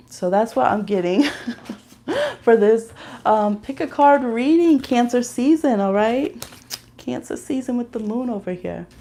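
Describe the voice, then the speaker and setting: Chatty, laughing woman tarot reader. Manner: chatty, animated storyteller who laughs often and jumps into high squeals; soft, nurturing tone during readings. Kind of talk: casual livestream tarot reading and chat.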